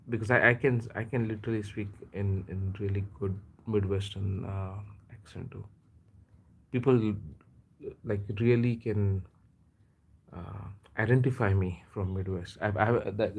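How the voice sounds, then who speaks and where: A man from India hosting a casual live stream, chatting in a rambling way and often pausing to hesitate and correct himself. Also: lowish voice, vocal fry, darkish tone, a little hiss or hum. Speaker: livestream host.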